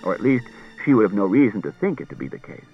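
A man voicing a calm humanoid robot detective who reasons in a quiet, measured, unemotional way. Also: on the low side, highs cut off, soft background music.

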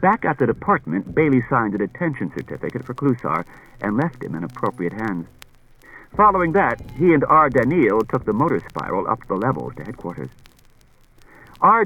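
A man's voice: mid-range voice, slightly rough, dull audio. A man giving scripted audiobook narration, reading expressively.

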